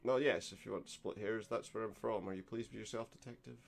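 A man's voice: on the low side, steady tone, fast, creaky. A man voicing a theatrical, self-important male occult shopkeeper who speaks in grand, archaic phrases. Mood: grandiose.

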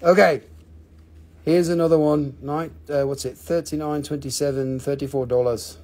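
A man's voice: fairly high pitch, fairly even intonation, moderate pace, a little mellow. A man hosting a live crystal sale, joking and swearing casually in loose, offhand phrasing. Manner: joking, profane, loose non-native phrasing.

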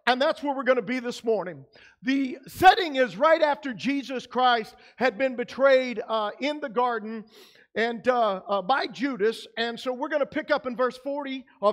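A man's voice: extremely high pitch, a bit bright. A man preaching a sermon as pastor in a church, conversational with frequent fillers. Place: church sanctuary.

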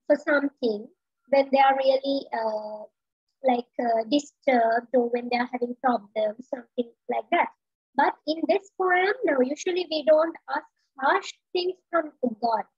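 A woman teaching literature in an online video-call lecture, talking slowly with many fillers and restarts. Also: sits high, slightly rough, no room sound. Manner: slow, hesitant with many fillers. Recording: dull lo-fi video call audio.

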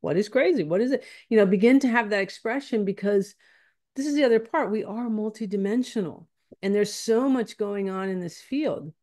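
Her voice is medium in pitch with a dark tone and a moderate pace. As a conversation guest, this woman teaches spiritual ideas in an earnest, searching way, frequently starting her phrases over.

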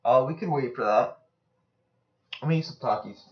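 This is a young man in the middle of casual gameplay commentary, wandering from one topic to the next in relaxed slang. His voice sits at an ordinary male pitch. It comes through a slightly muffled, lo-fi desk microphone. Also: moderate pace, heavy background noise. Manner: rambling, joking, slangy, mumbles while typing. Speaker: gaming YouTuber. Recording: slightly dull lo-fi mic.

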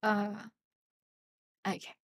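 A tired woman with a Japanese accent, native speaker of Japanese, teaching the language in a casual livestream Q&A, chatty with lots of fillers. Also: drawn-out words. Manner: chatty, many fillers, laughs often, spells out words.

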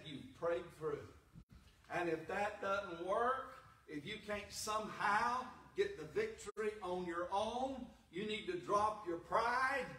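A man preaching a Pentecostal sermon as pastor, swinging from loud, emphatic lines to hushed, low ones. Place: church sanctuary. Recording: echoey church hall from far off.

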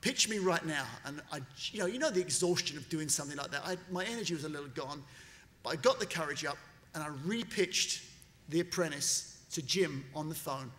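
A man's voice: on the high side, brisk. A man giving a graduation speech, telling a story with energy and acting out the people he quotes. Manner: animated storyteller, acts out quoted voices. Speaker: commencement speaker. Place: graduation ceremony venue. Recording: long reverb of a large venue.

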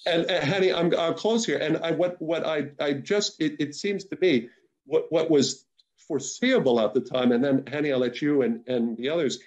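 A man's voice: a little high, moderate pace, darkish tone, dull audio. A man giving unscripted remarks on a policy panel, earnest and emphatic, stumbling through restarts and repeated words. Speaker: panel discussant at a policy webinar.

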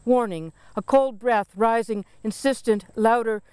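A woman reads her own poem aloud in a solemn, deliberate recitation, taking her time over every phrase. Her voice is exceptionally smooth and resonant. The recording is dry and close, with no room sound. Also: on the high side, darkish tone, no room sound. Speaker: poet reading her own work. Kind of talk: poetry reading.

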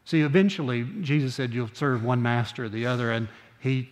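Older pastor preaching in a reverberant sanctuary. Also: male voice, medium pitch. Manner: earnest, slows down on key phrases, conversational asides. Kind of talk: sermon. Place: church sanctuary.

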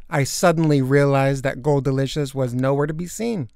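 A woman reading a children's picture book aloud with expressive storytelling. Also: a bass voice, normal speed, few pauses, dry recording, studio quality.

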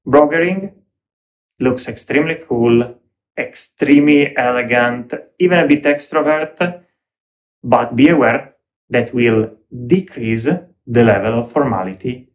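Man explaining shoes. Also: medium pitch. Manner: lively, emphatic, speaks in short broken phrases with pauses. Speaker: menswear video host. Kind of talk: explanatory talk to camera.

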